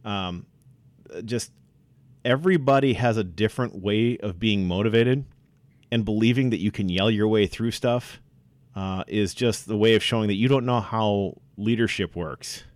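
A man with a low voice co-hosts a sports podcast, chatting in an easy, drawn-out way. The sound is dry and close, with no room echo. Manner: relaxed, drawling, acts out yelling coaches. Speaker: podcast co-host. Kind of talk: casual sports chat.

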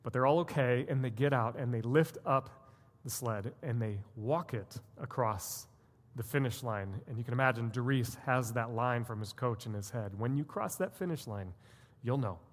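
A man's voice: mid-range voice, normal speed, big-room sound. A man preaching a sermon as a pastor, telling a story earnestly and building to emphatic points. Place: church sanctuary.

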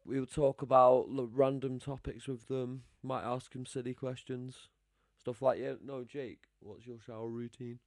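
A man's voice: medium pitch, little pitch movement, measured pace, gravelly, darkish tone, no echo, studio quality. A young man co-hosting a podcast, teasing with blunt quips in casual chat. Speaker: podcast co-host.

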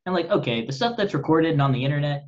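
A man's voice: a little high, expressive, very fast, a little mellow. A man in his twenties, a guest comedian joining by video call, talking casually and packing his sentences with "like". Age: 20s. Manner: filler-heavy, lots of "like", laughs easily. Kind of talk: casual chat. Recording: dull lo-fi call audio.

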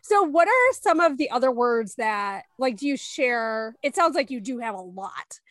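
A woman with a high, bright-pitched voice co-hosts a podcast and steers the interview. The sound is close and dry, and she talks quickly, full of likes and restarts. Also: sing-song, dry recording. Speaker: podcast co-host. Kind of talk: casual interview chat.

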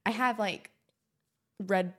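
A woman's voice: mid-range voice, slow pace, a bit bright. Young woman podcast co-host, talkative and giggly, studio mic. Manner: chatty, laughs often, self-conscious. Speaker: co-host, law student. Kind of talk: casual podcast chat, reading forum posts aloud. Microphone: studio microphone.

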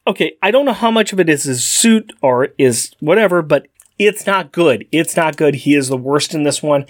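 Upbeat, lively-voiced man leading the chat. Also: fairly high pitch, normal speed. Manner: upbeat, leads the segments. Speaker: podcast co-host. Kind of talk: casual chat.

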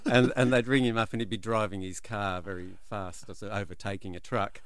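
A man, a guest author on a radio show, telling stories in a relaxed, amused way. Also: on the low side, brisk, clean tone, dry recording, clean studio sound. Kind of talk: casual radio interview. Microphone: studio microphone.

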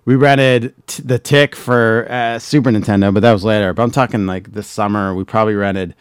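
A man's voice: lowish voice, fairly even intonation, brisk, hardly any pauses, clean tone, dry recording, clean studio sound. Rambling, foul-mouthed man chatting. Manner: rambling, profane, many fillers and restarts. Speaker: podcast co-host. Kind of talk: casual nostalgic chat.

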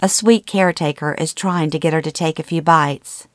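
A middle-aged woman narrating a personal memoir in a calm, measured, intimate way. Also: sits low, no room sound, clean studio sound. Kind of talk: memoir reading.

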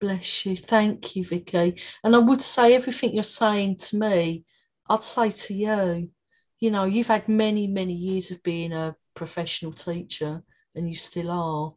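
A woman with a Cockney accent and a warm, calming voice, encouraging people as a guest on a podcast interview. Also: medium pitch, measured pace. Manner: encouraging, laughs often. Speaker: guest, creative writing tutor.

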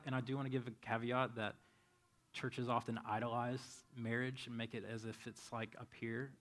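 A man preaching a sermon as pastor, conversational and storytelling, softening into prayer. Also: mid-range voice. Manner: conversational, animated when storytelling, soft when praying. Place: church. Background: faint band music.

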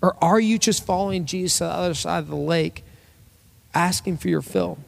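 A man's voice: sits high, a little fast, vocal fry. A male pastor preaching a conversational sermon to his church, acting out quotes in his telling.

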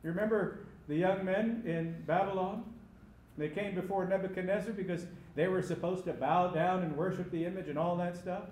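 A man preaching a sermon, emphatic, sometimes rising to loud cries. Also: high-pitched, steady tone, normal speed, reverberant, a little hiss or hum.

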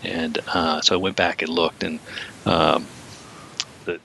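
A man's voice: low voice, level tone, slow, vocal fry, sharp tone, a little hiss or hum. A man co-hosting a podcast, chatting casually about a film and often laughing while acting out lines. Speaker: podcast co-host.

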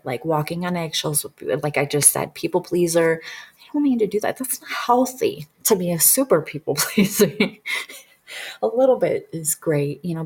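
Woman, low husky voice, casual earnest storyteller who sinks to a whisper. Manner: earnest and emotional, often dropping to a soft whisper. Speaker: guest recounting a regression session.

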